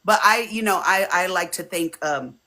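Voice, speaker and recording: Speaking at a normal pace in a fairly low voice, a woman in her forties chats casually as an interview guest from a home streaming setup. She's an animated storyteller who often acts out the voices of friends she quotes.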